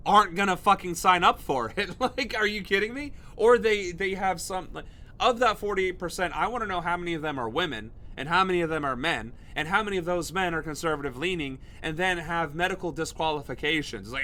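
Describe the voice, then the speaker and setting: A man's voice: high-pitched, lively intonation, unhurried, sharp tone. A man from the United States hosting a livestream, ranting in profane, sarcastic political commentary. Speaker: political streamer and host.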